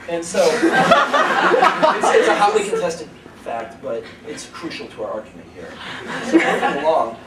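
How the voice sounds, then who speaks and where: With a loud crowd around him, a slightly high-voiced comedian in his early twenties talks a little slowly, his pitch swinging hugely. He rambles through stand-up at a college show before a live audience, laughing at his own material, captured in an echoey, noisy room far from the microphone.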